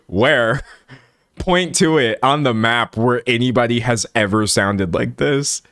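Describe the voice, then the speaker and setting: A man's voice: medium pitch, slow pace, gravelly, a bit bright, no echo, studio quality. An American man in his late twenties chatting casually with viewers on a livestream, rambling and laughing often. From United States. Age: 20s. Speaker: livestream host.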